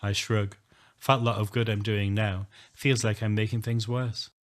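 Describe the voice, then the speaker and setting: A man's voice: fairly low pitch, level tone, measured pace. Man, audiobook narrator, earnest first-person telling. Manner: earnest, emotional, rising to shouting.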